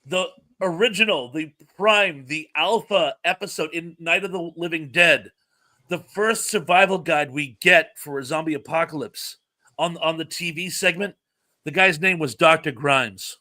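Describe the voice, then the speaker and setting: A man hosts a relaxed livestream talk, spinning anecdotes with plenty of fillers and easy laughter. His voice sits a little high and rings bright and sharp. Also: normal speed. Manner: chatty storyteller, laughs often, many fillers. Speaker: show host. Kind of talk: casual livestream chat.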